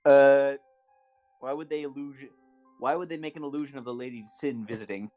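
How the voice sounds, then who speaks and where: A man's voice: mid-range voice, a little fast, music in the background. A man player in a tabletop game, stammering and searching for words.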